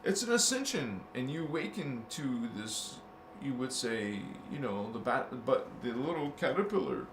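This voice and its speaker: Faint noise and a roomy echo surround a very animated, mid-range male voice moving at a moderate pace. He hosts a spiritual video channel in a casual, joking manner, peppering it with crude slang and laughing at himself.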